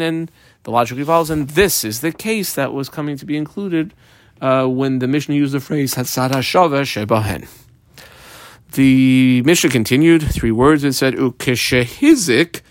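A man teaching a Talmud lesson, reading Aramaic phrases and explaining them in English with frequent fillers. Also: no room sound. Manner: animated, lively pitch swings.

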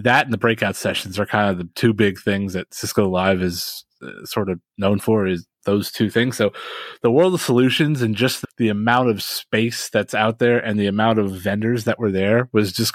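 A man co-hosting a podcast, telling stories in a casual, animated way and laughing often. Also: fairly low pitch, no echo. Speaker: podcast co-host. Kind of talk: casual chat.

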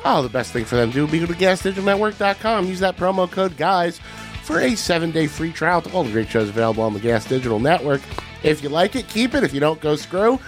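Man, podcast co-host, laid-back jokey delivery, slightly high voice, faint music. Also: sing-song, quick pace. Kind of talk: casual chat.

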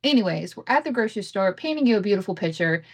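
A woman in her thirties chats through a rambling family story on her solo podcast, frank and quick to curse, breaking into laughs between thoughts. Her voice sits at an ordinary middle pitch, and the home recording setup sounds a bit rough. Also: lively intonation. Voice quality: candid, swears freely, laughs often. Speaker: podcast host. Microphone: home podcast setup with imperfect audio.

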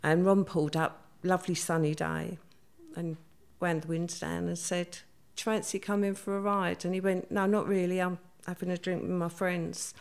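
An older woman tells her stories in a chatty interview. Her voice sits low and has a gravelly, fried edge. She slips into the voices of the people she quotes as she goes. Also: level tone, moderate pace. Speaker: guest. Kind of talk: storytelling interview.

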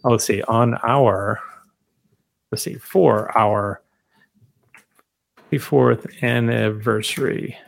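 Middle-aged man demoing software casually. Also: medium pitch, slow, vocal fry, pauses often. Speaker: co-host. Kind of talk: casual tech chat.

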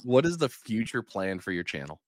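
Low-voiced joking podcast host. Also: male voice, very animated, a little fast. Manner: joking, teasing, blunt. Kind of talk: casual interview chat.

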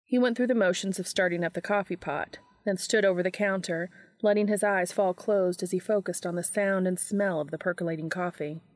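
A woman reading a story aloud in a soft, even storytelling manner. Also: lowish voice, brisk, few pauses. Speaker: narrator.

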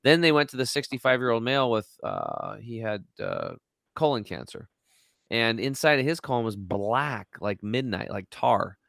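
A man's voice: mid-range voice, normal speed, gravelly, dry recording, studio quality. A man in his forties, a guest in an interview, telling a story with lots of energy and acting out what people said. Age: 40s. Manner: energetic, acts out quotes.

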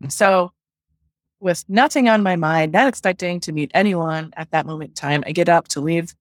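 A woman's voice: on the low side, moderate pace, no echo, clean studio sound. A woman working as a love coach, telling her story in a casual interview, chatty and full of "like", acting out her own past thoughts.

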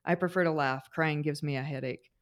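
A woman's voice: low voice, steady tone, a little fast. A middle-aged woman co-hosting a podcast, telling family stories in a casual chat, with frequent fillers and restarts. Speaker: podcast co-host.

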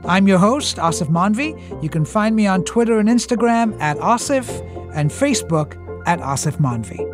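A man hosting a podcast, reading scripted narration and interviewing a guest in a measured, emphatic way. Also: high voice. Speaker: podcast host.

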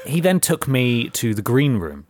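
A man's voice: mid-range voice, sing-song, unhurried, a little mellow, dry recording. A young man co-hosting a podcast, telling stories in a rambling, casual way and swearing now and then. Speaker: podcast co-host. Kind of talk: casual storytelling chat.

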